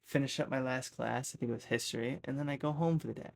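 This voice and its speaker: A man's voice: medium pitch, fast, creaky, darkish tone. A man casually telling a rambling personal story, often tagging his sentences with "right?". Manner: rambling, keeps asking "right?".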